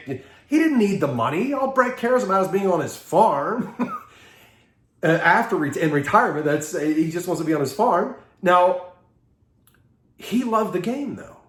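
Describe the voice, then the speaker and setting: A man with a fairly high voice gives a seminar talk, spinning lively anecdotes and chuckling as he acts out what others said. The room around him is echoey and roomy. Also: normal speed. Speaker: seminar speaker.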